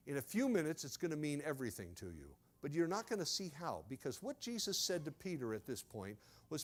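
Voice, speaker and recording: A man's voice: a little high, very animated, normal speed, fairly bright tone. A male pastor preaching a sermon as dramatic storytelling, with asides to the congregation.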